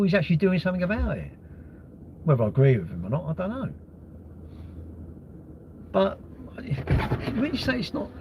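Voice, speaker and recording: A middle-aged man rants to his livestream viewers, blunt and sweary, firing question after question. His voice sits high and leaps around a lot. The stream audio is dull and lo-fi, with a faint hiss behind him. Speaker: livestream host. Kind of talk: casual livestream rant.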